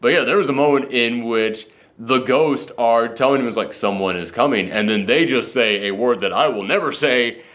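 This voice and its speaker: A young man co-hosting a casual film review, talking fast and loose and slipping into mocking voices of characters. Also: mid-range voice. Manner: animated, jumps into mocking impressions. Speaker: podcast co-host. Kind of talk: casual movie review chat.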